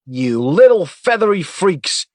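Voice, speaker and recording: Man doing a high, whiny, easily riled male agent for an audiobook, bouncy delivery, dry close read. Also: very animated, normal speed, bright, forceful tone, dry recording, exaggerated voice. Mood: furious. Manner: high-strung, indignant and complaining. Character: hot-headed, whiny male FBI agent.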